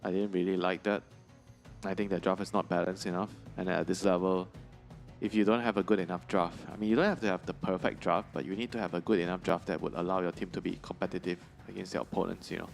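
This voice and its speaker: Deep gravelly man analysing esports. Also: flat delivery, faint music behind. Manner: measured, thinking aloud with fillers.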